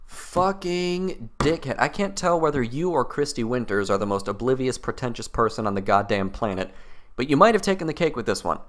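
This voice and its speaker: A man's voice: very animated, fast, a bit bright. A man hosting a commentary video, rebutting clips in a mocking, exasperated tone. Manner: mocking, exasperated, mimics opponents in high voices.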